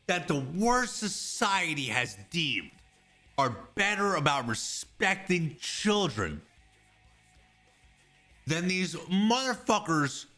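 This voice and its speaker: A man streaming a reaction commentary, reading posts aloud and breaking into loud, sarcastic, profane rants. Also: high voice, very animated, slow, soft background music.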